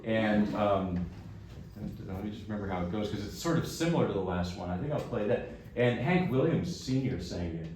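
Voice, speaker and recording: A man's voice: on the low side, expressive, moderate pace, darkish tone. A man from New Jersey who plays classical piano, telling a self-deprecating story to an audience in a casual way. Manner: chatty, self-deprecating anecdote teller. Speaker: classical pianist giving a recital talk. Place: concert hall. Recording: echoey hall from far off, background noise.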